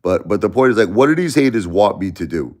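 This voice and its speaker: A man's voice: fairly low pitch, expressive, fast talker, a little mellow. A middle-aged man, ranting to his live-stream viewers in a repetitive, stammering way. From Brooklyn, New York. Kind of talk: casual live-stream rant.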